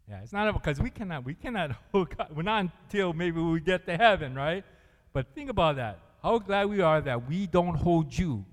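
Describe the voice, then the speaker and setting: Earnest preacher man, long hall reverb. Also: on the high side. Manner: earnest, laughs often, asks the congregation questions. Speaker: pastor. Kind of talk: sermon.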